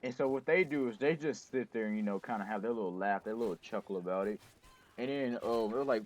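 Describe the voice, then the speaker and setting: A man's voice: medium pitch, lively intonation, quick pace, darkish tone. A young man hosting a gaming channel, casually telling a rambling personal story with lots of restarts and self-corrections.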